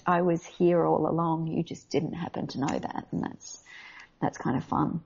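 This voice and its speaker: Australian woman, low-pitched, gravelly, husky, candid interview talk, dull lo-fi sound. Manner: candid, animated, quick to laugh. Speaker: voice actor guest. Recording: dull lo-fi audio.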